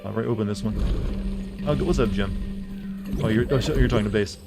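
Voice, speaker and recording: A man's voice: on the low side, fairly quick, vocal fry, over loud music. A man streaming a game live, rambling and teasing as he answers his chat and reads menu text aloud.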